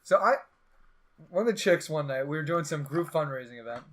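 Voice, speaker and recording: A man's voice: a little high, brisk. A young man hosting a podcast, telling a rambling story in casual chat and acting out the quotes with sarcasm. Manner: animated, acts out quotes with sarcasm. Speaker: podcast host.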